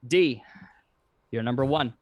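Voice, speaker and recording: A man's voice: mid-range voice, unhurried, no room sound, dull audio. A man co-hosting a podcast in casual chat, laughing often and acting out quoted lines in voices. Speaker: podcast co-host.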